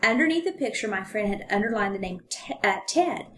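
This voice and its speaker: A woman's voice: medium pitch, animated, fairly quick, slight background noise. Chatty woman retelling a true-crime story. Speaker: podcast co-host.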